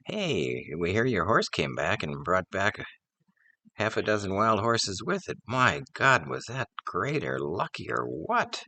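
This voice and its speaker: A man's voice: very deep voice, animated, moderate pace, gravelly, few pauses, pushed and bright, breathy edge, dry recording, heavily acted. A man voicing dramatic, gossipy village neighbors who exclaim over news. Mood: excited.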